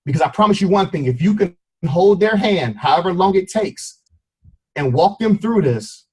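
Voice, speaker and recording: A man's voice: high-pitched, expressive, moderate pace, a little mellow, breathy edge. A man giving a motivational team talk, telling a story and acting out short voices and cat meows. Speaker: motivational speaker.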